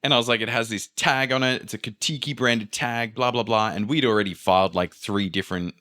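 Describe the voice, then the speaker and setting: A man's voice: lowish voice, brisk. A man hosting a podcast, telling a travel story in casual chat, swearing freely and acting out what people said. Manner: animated, swears freely, acts out quotes. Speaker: podcast host.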